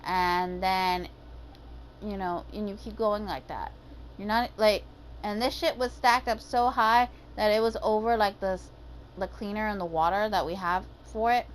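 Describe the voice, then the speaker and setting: A woman's voice: medium pitch, a little hiss or hum, low-quality recording. A woman ranting casually about her day, swearing heavily and using lots of fillers. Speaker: gaming vlogger.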